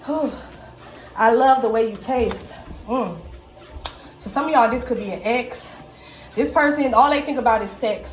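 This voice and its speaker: A woman giving a casual tarot reading, slangy and profane, who keeps checking in with "okay?" and laughs often. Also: a little high. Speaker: tarot reader. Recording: echoey room with faint background noise.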